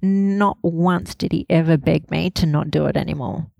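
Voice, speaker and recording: A woman in her thirties, a grieving mother speaking candidly in an interview, halting and laughing softly through painful memories. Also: low-pitched, fairly even intonation, gravelly, no room sound. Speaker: interview guest, bereaved mother. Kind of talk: emotional personal interview.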